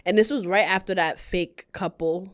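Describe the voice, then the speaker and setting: A young woman co-hosting a casual podcast chat, chatty and quick to laugh as she recounts encounters. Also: fairly low pitch, steady tone. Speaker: podcast co-host.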